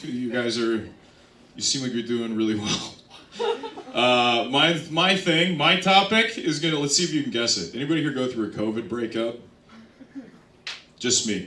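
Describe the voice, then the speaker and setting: Stand-up comic, young man, lively and bright, self-deprecating and rambling; heard from a distance in an echoey club. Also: mid-range voice, a little hiss or hum. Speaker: stand-up comedian. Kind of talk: stand-up comedy set. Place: comedy club stage. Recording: roomy club sound from a distance. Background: audience laughter.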